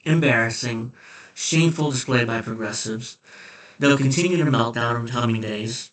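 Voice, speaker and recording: Brief: male commentary vlogger, blunt and mocking, middle-pitched, a bit off-mic. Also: normal speed, a bit bright, distant mic, poor audio. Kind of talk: casual opinion monologue.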